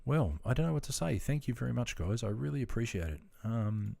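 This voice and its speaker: A man's voice: medium pitch, expressive, brisk, gravelly, mellow. A laid-back Australian man chatting casually with viewers during a game stream, rambling and friendly with lots of fillers. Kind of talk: casual live-stream chat.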